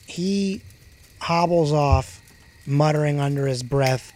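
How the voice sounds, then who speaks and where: A man's voice: on the high side, measured pace, a little mellow, slight background noise. A man narrating as game master of a tabletop game, full of hesitant ums and uhs.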